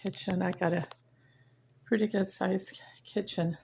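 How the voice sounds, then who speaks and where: A woman's voice: mid-range voice, fairly even intonation, measured pace, creaky, a little mellow, slightly rough. An older woman, chatting in a rambling way while out of breath, sitting outside her home. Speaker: vlogger. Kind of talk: casual chat.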